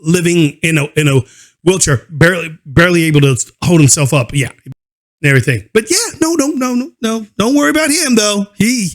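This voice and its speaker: High, lively sarcastic male reaction host. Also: fairly quick. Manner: mocking, mock-outraged shouting, laughing.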